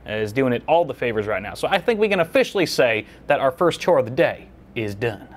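A man, a tech video host, chatting casually to himself while he works, joking, sometimes loud and excited and sometimes muttering low. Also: brisk, over music. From United States. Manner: chatty, self-talking, jokey, swings between loud excitement and muttering. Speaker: tech YouTuber. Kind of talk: casual vlog narration while working. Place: small studio office.

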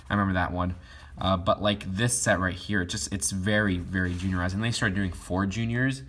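Young male vlogger, low voice, loose filler-heavy delivery. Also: gravelly, husky. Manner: rambling, many fillers and restarts. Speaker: toy collector vlogger. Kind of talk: casual catalog review.

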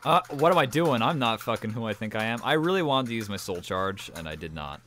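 A man's voice: medium pitch, fairly quick. A man playing a fighting game with friends, chatting casually and yelping and swearing at what happens on screen. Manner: excitable, yelps and swears at the game. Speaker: gamer. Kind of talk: casual gaming banter.

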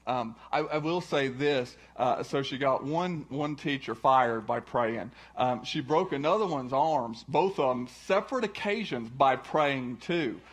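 A man speaking after his wife's testimony, halting with many restarts and fillers. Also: mid-range voice, expressive, breathy edge. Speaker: church speaker, husband of the previous speaker. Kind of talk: casual talk before a sermon.

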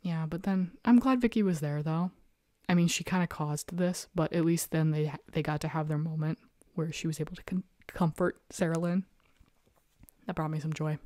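A woman's voice: sits low, normal speed, warm tone, no echo, studio quality. A young adult woman hosting her own show, chatting animatedly and with exasperation, laughing often. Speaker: show host. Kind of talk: casual recap chat.

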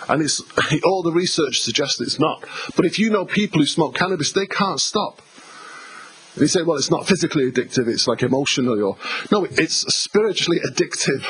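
A man's voice: a little high, fairly bright tone, a little hiss or hum, poor audio. An English man preaching a sermon as pastor, emphatic and conversational, repeating himself and speaking to the congregation. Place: church hall.

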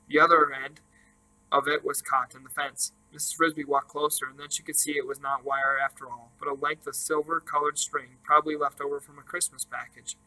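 A man reading a children's novel aloud in a steady, even way, with small slips now and then. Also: on the high side, poor audio. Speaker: storybook reader.

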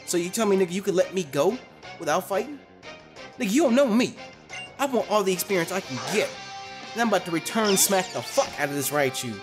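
A young adult commentating a Pokémon Let's Play, loud, profane and animated, with a desk mic and facecam. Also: mid-range voice, a little fast, over music. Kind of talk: gaming commentary.

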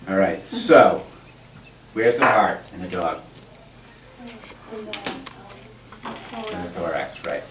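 A man's voice: low voice, lively intonation, takes it slowly, pauses often, noisy background. A man working as a veterinarian, giving a class a patient, encouraging hands-on demonstration. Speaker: veterinarian teaching children. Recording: echoey classroom, camera from far.

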